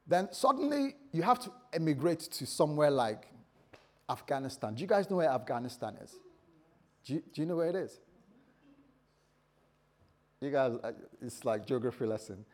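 A man's voice: on the high side, sing-song, moderate pace, pauses often. A man preaching a sermon in a conversational way, quizzing his listeners and acting out scenarios for them.

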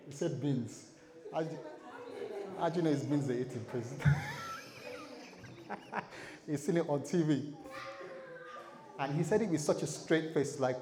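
A man's voice: on the high side, measured pace, long pauses, music in the background. A male pastor preaching a sermon in a storytelling style, with chatty asides to his audience. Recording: echoey hall, faint room noise.

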